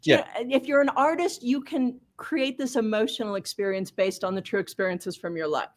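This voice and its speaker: A woman's voice: mid-range voice, a little fast. A woman author, a guest on an interview show, talking directly and explaining her points with examples. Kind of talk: casual interview chat.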